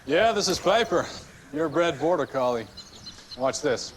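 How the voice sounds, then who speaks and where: A man's voice: fairly high pitch, expressive, measured pace, echoey room, distant mic, slight background noise. A man in an ad clip, proudly showing off his dog. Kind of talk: ad dialogue clip.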